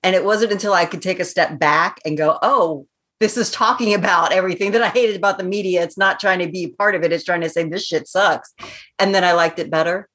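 A woman's voice: on the low side, fairly quick, a bit bright. A woman of about fifty co-hosting a podcast, talking in a chatty way and laughing often. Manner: chatty, laughs often, says she raises her voice to carry. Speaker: podcast co-host. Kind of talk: casual chat.

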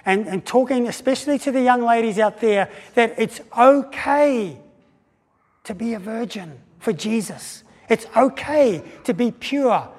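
A man preaching a sermon, telling a story in an animated way and acting out the voices of the people in it, with frequent restarts. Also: very high voice. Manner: animated, acts out quoted voices with pauses and restarts. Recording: long hall reverb.

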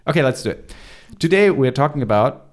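A man's voice: mid-range voice, lively intonation, a little fast. A man hosting a podcast, chatting casually and playfully, joking around with silly sound effects and wordplay. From Austria. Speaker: podcast host. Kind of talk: casual chat.

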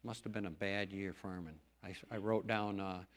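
A man's voice: deep voice, steady tone, normal speed. A middle-aged man, a farmer and lay preacher, giving an earnest, folksy testimony talk in church with emphatic stresses.

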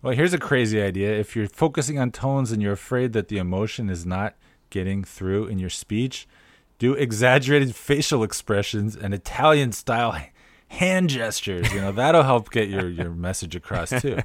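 A man's voice: fairly low pitch, normal speed, no echo. Man explaining with dry humor. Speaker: podcast co-host. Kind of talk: casual podcast chat.

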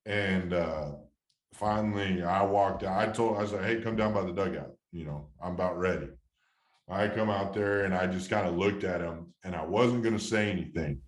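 A former baseball player in his thirties, appearing as a guest in a casual storytelling interview, rambles heartfeltly through a career story with many restarts. His voice is deep at a normal speed, with a roomy sound.

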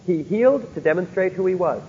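A man with a gravelly, somewhat high voice delivers a Bible lecture, often pausing to ask rhetorical questions. The recording is dull and lo-fi, with a long hall reverb and a faint hum of ambience behind him. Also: expressive, darkish tone. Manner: keeps checking in with rhetorical questions. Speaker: Bible teacher.

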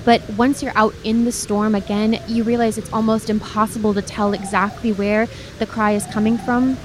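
A woman's voice: mid-range voice, little pitch movement, moderate pace, noisy background. A woman narrating a tabletop game as game master, describing scenes with frequent restarts and addressing the player by name.

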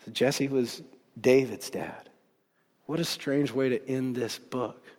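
A man preaching a sermon as pastor, telling the story in a casual, animated way with bursts of excitement. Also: mid-range voice, takes it slowly. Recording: long hall reverb.

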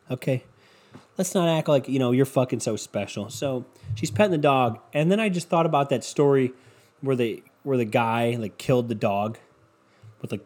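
A man's voice: mid-range voice, breathy edge. A man in his twenties hosting a podcast, ranting through a comic story with heavy swearing and sarcasm. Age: 20s. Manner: profane, sarcastic, animated impressions in quotes. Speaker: podcast host.

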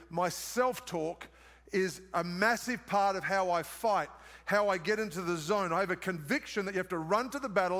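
High-voiced Australian man preaching, hall echo. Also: a bit bright. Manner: emphatic repetition, asks the congregation questions. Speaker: pastor. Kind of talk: sermon. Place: large church hall, live service. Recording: long hall reverb from live service.

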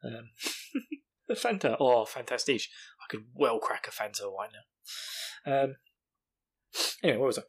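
A man's voice: a little high, breathy edge. A young man hosting a podcast, rambling casually, swearing and laughing at his own jokes. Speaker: podcast host. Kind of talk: casual solo podcast chat.

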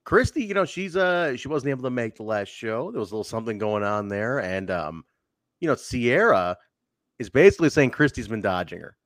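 A man's voice: medium pitch, a little fast, no room sound. A man hosting a podcast in casual chat, joking and teasing his co-host. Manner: joking, animated, playful teasing.

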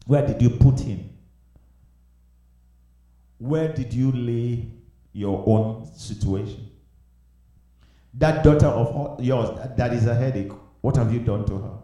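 A man preaching a sermon with passion, swinging from hushed pleading to loud exclamations. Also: medium pitch, slow pace, pauses often. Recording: very echoey room.

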